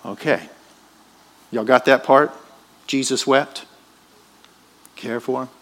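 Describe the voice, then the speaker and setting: A man's voice: medium pitch, steady tone, slow, fairly bright tone. A man preaching a sermon in a church, emphatic and questioning his congregation. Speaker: pastor.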